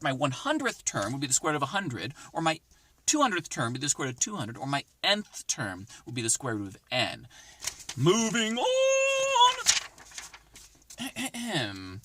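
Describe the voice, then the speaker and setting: A man's voice: fairly high pitch, bright, forceful tone, dry recording. Man, math teacher, casual lesson, encouraging, recorded in a car, dry close sound. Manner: encouraging, chatty, thinks aloud. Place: inside a parked car.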